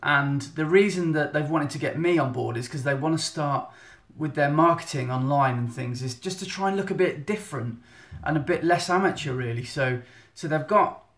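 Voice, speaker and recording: Guy in his thirties, casual live-stream host, slightly high voice, roomy phone sound. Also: moderate pace, few pauses, a bit bright. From England. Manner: chatty, rambling, self-interrupting. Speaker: photographer giving a monthly live update. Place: indoor room at home. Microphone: phone at arm's length. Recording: echoey room on phone.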